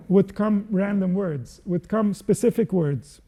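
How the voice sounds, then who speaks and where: Gravelly high-voiced man teaching slowly. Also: dark tone. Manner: measured, reflective explanation with pauses and Hebrew terms. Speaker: Jewish spiritual teacher. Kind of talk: unscripted spiritual teaching.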